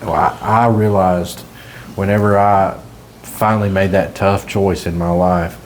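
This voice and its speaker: Low-voiced guy in his 30s hosting a faith podcast, earnest, chuckles a lot, faint room hum. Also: steady tone, measured pace. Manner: earnest, encouraging, laughs easily. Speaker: ministry podcast host. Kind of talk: casual faith conversation.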